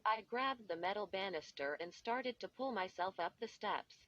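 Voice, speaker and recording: A woman reading a story aloud in first-person audiobook narration, steady and measured. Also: mid-range voice. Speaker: audiobook reader. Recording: dull lo-fi recording.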